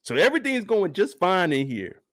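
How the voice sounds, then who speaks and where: A man's voice: high-pitched, normal speed, dry recording. A man hosting a comedic reaction rant about a TV episode, swearing freely and breaking into laughter often. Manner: animated, profane, laughing often. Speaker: show reaction host.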